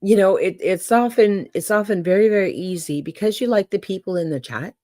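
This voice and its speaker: A woman's voice: mid-range voice, a little fast, dark tone, no room sound, studio quality. An older woman hosting a casual livestream, folksy and chatty, talking straight to her viewers. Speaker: livestream host.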